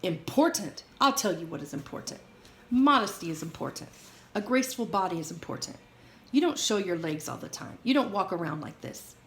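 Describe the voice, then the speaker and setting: A woman's voice: mid-range voice, expressive, a little fast, close to an everyday voice. Woman reading as a stern, scolding father. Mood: angry scolding. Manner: loud, scolding lecture. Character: stern, furious Japanese immigrant father. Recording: roomy echo, faint hiss.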